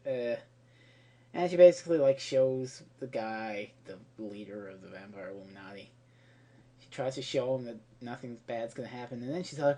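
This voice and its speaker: A woman tearing into a movie in a ranting comedic review, her pitch leaping up and down as she talks. She swears freely and sounds exasperated. She jumps from loud outbursts to muttered asides. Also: expressive, moderate pace. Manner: profane and exasperated, breaking into laughter.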